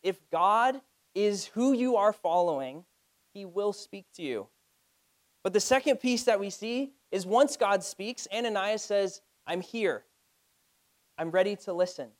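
A young adult man from the United States preaching a sermon, telling stories and rising to loud emphatic cries. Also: high voice, measured pace. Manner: storytelling preacher, rises to loud cries in anecdotes. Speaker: pastor.

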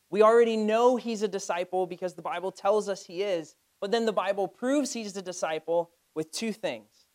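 A young adult man from the United States preaching a sermon, telling stories and rising to loud emphatic cries. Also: high-pitched. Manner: storytelling preacher, rises to loud cries in anecdotes. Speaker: pastor.

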